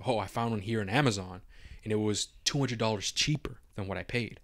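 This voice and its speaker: A man co-hosting a podcast, telling a long story in casual chat, animated and profane, acting out his own reactions. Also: fairly low pitch, brisk. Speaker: podcast co-host.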